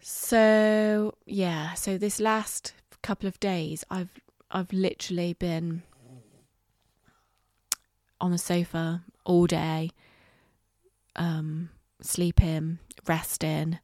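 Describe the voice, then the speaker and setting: A middle-aged woman hosting a solo podcast, talking candidly and reflectively, halting with fillers and the odd swear word. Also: fairly low pitch, little pitch movement, a little mellow, dry recording, clean studio sound. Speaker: podcast host. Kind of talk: casual solo podcast monologue.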